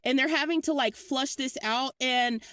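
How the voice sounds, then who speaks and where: A woman's voice: high voice, moderate pace, fairly bright tone, no room sound. Rambling, frightened woman on her phone. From California. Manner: rambling, frightened, swears a lot. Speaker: vlogger. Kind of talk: anxious rambling phone vlog. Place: outdoors at a car wash at night. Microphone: phone held while talking.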